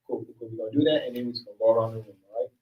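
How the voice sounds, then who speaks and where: A man's voice: medium pitch, fairly even intonation, rapid-fire, distant mic, muffled recording. A man leading a group workshop as a facilitator, talking casually and upbeat and often checking in with the room. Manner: upbeat, casual, keeps checking in with "all right?". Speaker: workshop facilitator and self-help coach.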